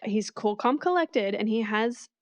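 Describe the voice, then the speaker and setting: A woman's voice: fairly high pitch, animated, measured pace, no room sound, lo-fi sound. A woman co-hosting a podcast, chatting casually and thinking aloud in a reflective way. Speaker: podcast co-host. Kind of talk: casual book discussion.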